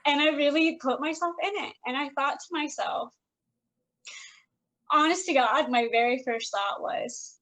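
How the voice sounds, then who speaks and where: A woman with a high voice co-hosts a casual podcast chat. She speaks earnestly and with deep feeling, her voice on the edge of tears as she opens up. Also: measured pace, bright, forceful tone, poor audio. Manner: earnest, emotional, talks through tears. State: tearful. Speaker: podcast co-host.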